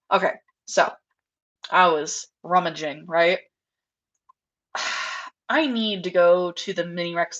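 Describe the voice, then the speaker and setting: A woman's voice: on the low side, a bit bright, dull audio. A young American woman chatting casually on a livestream through a headset, rambling with lots of fillers and asides. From United States. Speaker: livestream host, rabbit breeder.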